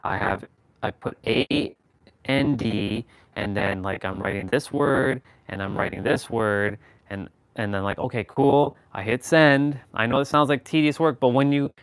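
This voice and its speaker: A man hosting a casual chat, rambling with lots of fillers and restarts, shifting into livelier, louder stretches when worked up. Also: lowish voice, unhurried, smooth, dry recording. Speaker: host.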